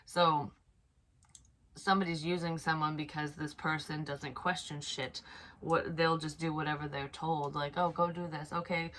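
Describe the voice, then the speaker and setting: A woman with a notably low voice talks through a psychic reading off the cuff. She speaks softly and hesitantly, restarting her sentences and dropping the odd swear word. A faint hiss sits under the recording. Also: little pitch movement, a little slow. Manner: hesitant, musing aloud with frequent restarts; soft and low-key, swearing casually. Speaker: psychic medium. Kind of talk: unscripted psychic reading monologue.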